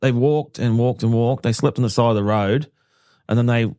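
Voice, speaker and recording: A man's voice: mid-range voice, normal speed, mellow, clean tone, no room sound. Aussie guy taking the piss, swearing, laughing, dry close podcast mic. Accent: Australian. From Australia. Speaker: podcast co-host. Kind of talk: casual storytelling chat.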